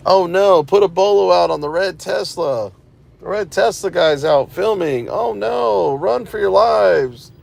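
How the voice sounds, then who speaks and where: A man's voice: high voice, unhurried, vocal fry, darkish tone. A tired man vlogging from inside his parked car, rambling to viewers with sarcastic asides. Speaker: cop-watch vlogger. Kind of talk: casual running commentary to viewers.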